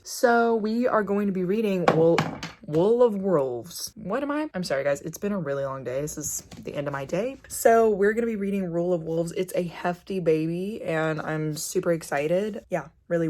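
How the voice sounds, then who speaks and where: An excitable young woman chats on a casual book vlog, rambling from one thought to the next. Her voice sits a little low for a woman. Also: normal speed, hardly any pauses, a little hiss or hum. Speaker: book vlogger. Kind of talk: casual reading vlog chat.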